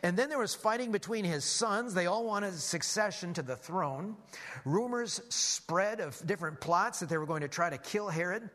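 A man preaching a sermon as a lively story, animated, with frequent restarts. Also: high voice, normal speed.

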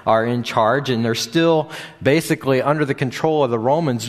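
A man delivering a sermon at a middle pitch. He talks off the cuff, stopping often on fillers and restarting phrases as he works through his point. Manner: unscripted, with frequent fillers and restarts. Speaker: preacher. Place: church or meeting room with a screen behind him.

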